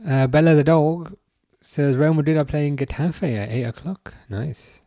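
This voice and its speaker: A man's voice: fairly high pitch, measured pace, dark tone, dry recording. A young man hosting a live stream, reading viewer chat aloud and answering in a chatty, self-correcting way. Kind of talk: casual live chat commentary.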